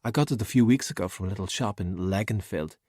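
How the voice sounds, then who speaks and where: A man's voice: lowish voice, fast, dark tone, no echo, studio quality, lightly acted. A man voicing a chatty, vain young woman with breezy, exasperated talk in a storybook.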